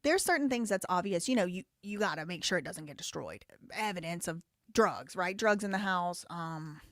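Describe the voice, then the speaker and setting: A woman's voice: lively intonation, moderate pace, no echo, studio quality. A woman from the Southern US hosting a live stream, reading super chats and giving blunt, outspoken commentary. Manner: blunt, outspoken, rising loud and high when heated. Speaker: livestream host.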